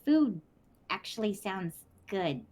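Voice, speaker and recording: A woman's voice: mid-range voice, very animated, slow, a little mellow. A woman playing a tabletop game, asking curious, puzzled questions. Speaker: player. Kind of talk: casual tabletop play.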